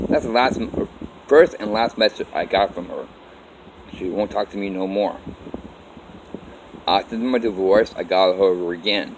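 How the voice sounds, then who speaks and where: A man's voice: low voice, slight background noise, poor audio. A man telling his own life story in a casual, rambling way, often stopping to restart a sentence. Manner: rambling, halting, with restarts and "I'm like" quotes.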